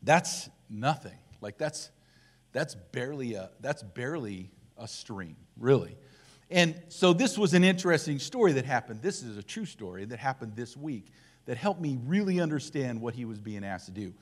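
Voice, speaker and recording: A middle-aged man, a church elder, preaching a casual, humorous sermon full of animated asides and self-deprecating jokes. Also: mid-range voice, normal speed.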